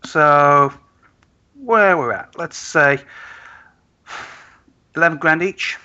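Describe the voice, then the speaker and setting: A grudging, sarcastic woman fixer from a tabletop game, put on by a man in his own voice. The voice is bright and forceful, the delivery blunt. A dull lo-fi mic. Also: on the high side, takes it slowly, clear, resonant tone, heavily acted.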